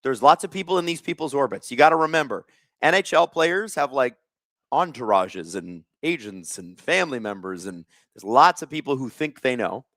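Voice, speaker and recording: A man's voice: mid-range voice, sing-song, normal speed, fairly bright tone, no echo, clean studio sound. A man in his thirties hosting a live hockey watch stream, telling stories in a rambling way with lots of fillers and restarts. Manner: talks while snacking. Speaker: stream host. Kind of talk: casual live-stream chat.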